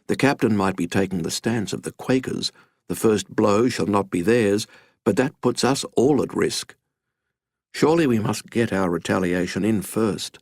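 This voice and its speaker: Low-voiced man narrating history. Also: dry recording, clean studio sound. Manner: dramatic storytelling, quoting historical journals.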